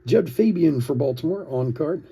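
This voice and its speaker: A man's voice: fairly high pitch, expressive, normal speed, dark tone, slightly rough. A middle-aged man hosting a card-break livestream, telling stories with many laughs while calling out names between his asides. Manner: chatty storytelling, laughs often, reads names between asides. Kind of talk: casual livestream chat while opening cards.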